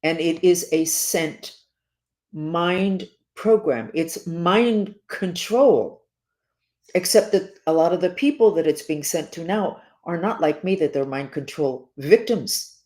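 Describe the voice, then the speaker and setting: A woman speaking as a spiritual teacher in a monologue to her listeners. She talks earnestly and urgently, repeats herself and slows down to stress key words. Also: lowish voice, a little mellow.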